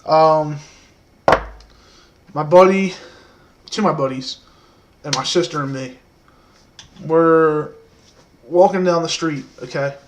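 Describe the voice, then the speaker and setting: A man in his twenties telling a story casually to the camera, soft-spoken and rambling, with many fillers. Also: fairly high pitch, slow pace, pauses often, slight background noise.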